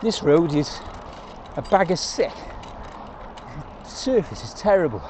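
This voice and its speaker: An Englishman talks casually to a bike-mounted camera as he rides country lanes, rambling and cracking jokes along the way. His voice sits a little high for a man. Faint road and traffic noise runs under the outdoor recording. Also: very animated, measured pace. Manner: chatty and rambling, jokey asides. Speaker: cycling vlogger. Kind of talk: casual talk to camera while riding.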